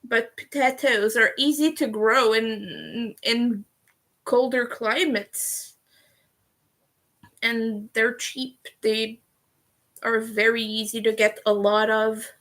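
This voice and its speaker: A Canadian woman chats through a relaxed livestream, taking her time over every sentence. Her voice sits a little high, and she laughs often and swears casually. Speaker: livestream host. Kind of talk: casual livestream chat while crocheting.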